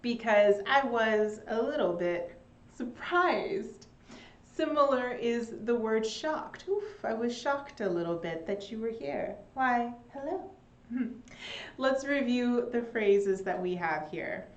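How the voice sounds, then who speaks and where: Young woman English teacher, slow and animated delivery, echoey home room. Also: on the high side. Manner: slow and animated, with Spanish glosses. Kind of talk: online English lesson.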